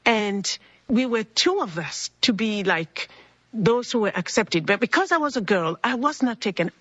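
A woman's voice: on the high side, expressive, normal speed, a bit bright, breathy edge, no room sound, highs cut off. A woman earnestly telling a personal faith story, acting out the people in it as she goes. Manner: earnest, acts out quoted people in her story. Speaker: speaker sharing a personal faith testimony.

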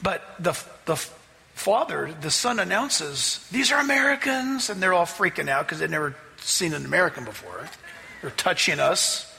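A man preaching a sermon as pastor, telling a story with animated delivery that rises toward near-shouting at the climaxes. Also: a little high, moderate pace, vocal fry. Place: church sanctuary. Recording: hall reverb, faint ambience.

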